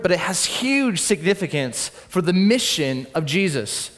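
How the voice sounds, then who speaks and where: High-voiced man preaching in a reverberant hall. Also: very animated, unhurried. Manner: storytelling, swings between loud and hushed. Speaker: pastor. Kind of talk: sermon.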